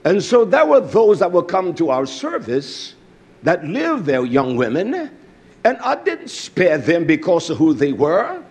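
A man preaching a fiery sermon, swinging from loud outbursts to low murmurs, with a husky voice. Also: wildly swooping pitch, a little slow.

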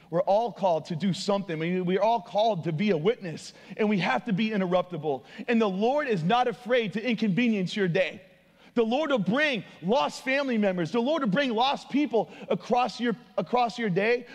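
Man, young adult, preacher, casual slangy sermon, conversational, high voice, long hall reverb. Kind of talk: informal sermon. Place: church sanctuary.

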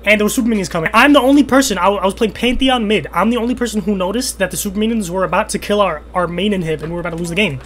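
A young man streaming a team shooter game, trash-talking his friend with crude jokes and sudden excited yells. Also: high voice, very fast, few pauses. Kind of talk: casual gaming chat.

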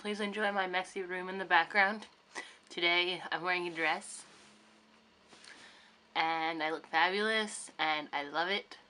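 A young woman talks straight to a camera set up in her bedroom, chatty and rambling with plenty of ums and likes. Her voice sits low but sounds bright and clear, and she wanders from thought to thought. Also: steady tone, measured pace, long pauses, a little hiss or hum. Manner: chatty, rambling, full of fillers. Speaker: vlogger. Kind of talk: casual vlog chat. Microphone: camera on a tripod facing her.

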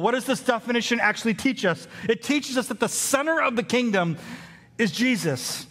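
A man's voice: extremely high pitch, expressive, normal speed, fairly bright tone. A man, preaching a sermon as pastor in a conversational storytelling way. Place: large church hall. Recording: hall reverb.

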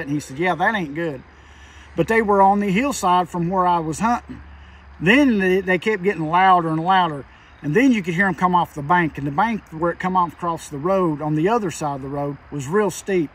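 A man's voice: high-pitched, recorded from a distance, a little hiss or hum. A man telling a frightening hunting story in rural dialect, tense and emphatic, heard over a phone call. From Kentucky. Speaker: hunter telling an encounter. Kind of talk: casual storytelling.

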